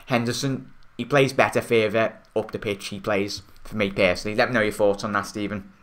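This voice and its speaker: A young man with a Liverpool Scouse accent hosts a casual football fan live stream. He talks in a rambling, chatty way, full of fillers and restarts, calling his viewers mate. His voice sits on the low side but has a bright, forceful edge. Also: steady tone, a little fast. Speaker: football fan channel host. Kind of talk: casual live-stream chat reading comments.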